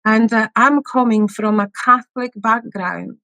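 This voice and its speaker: Guest therapist, woman, middle-aged, Polish accent with a Scottish lilt, slow and halting, dry close sound. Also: on the high side, sharp tone, dry recording. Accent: Polish with a Scottish tinge. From Poland. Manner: slow, hesitant, many fillers. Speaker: guest, family constellation therapist. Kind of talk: podcast interview.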